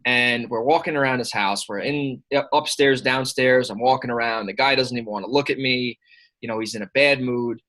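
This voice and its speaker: Young man in his twenties, sales coach guest, lively casual storytelling with quick asides. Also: medium pitch, low-quality recording. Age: early 20s. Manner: animated anecdote with quick asides.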